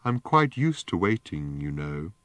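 A man voicing an ancient, rusted, gloomy male robot in an audiobook, with a slow, mournful, self-pitying drone. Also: low voice, big pitch swings, fairly bright tone, dry recording, exaggerated voice. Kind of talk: audiobook character voice.

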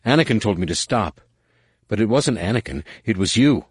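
A man voicing an anguished young male Jedi who rasps and pants through clenched teeth. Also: on the low side, lively intonation, normal speed, dry recording, studio quality. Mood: furious, anguished.

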